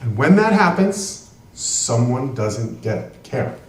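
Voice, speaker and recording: Animated man lecturing in an echoey room. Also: mid-range voice, far from the mic. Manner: emphatic and animated, with quick bursts. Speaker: trial lawyer giving a talk. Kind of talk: presentation to an audience.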